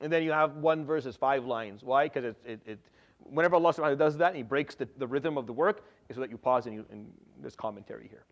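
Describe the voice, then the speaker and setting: A middle-aged man giving a religious lesson as a Quran teacher, animated, often repeating and restarting words, with Arabic terms mixed in. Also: mid-range voice, fast, highs cut off.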